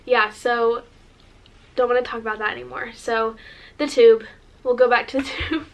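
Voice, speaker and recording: A woman's voice: a little high, flat delivery, measured pace, pauses often. A woman from Northern California, chatting in a gushing, rambling vlog with lots of likes. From Northern California, USA. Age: 20s. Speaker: vlogger.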